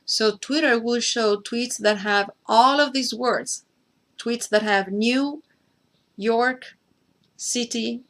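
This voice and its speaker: A woman's voice: medium pitch, gravelly, fairly bright tone. A woman hosting a screen-share tutorial, explaining each step carefully, repeating key points and now and then speaking to a co-host by name.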